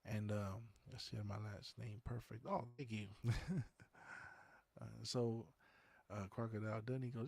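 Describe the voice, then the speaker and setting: Host, male, low and husky, loose rambling livestream chat, dry close sound. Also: steady tone, moderate pace, darkish tone, dry recording. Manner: rambling, conversational, many fillers. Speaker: podcast host. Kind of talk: casual livestream chat, reading viewer comments.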